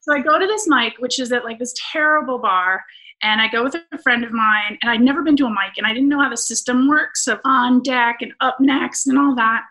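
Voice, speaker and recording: A woman's voice: on the high side, brisk, rough recording. A woman in her thirties, a stand-up comedian, telling stories in a casual interview with lots of laughter. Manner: animated, laughing storyteller.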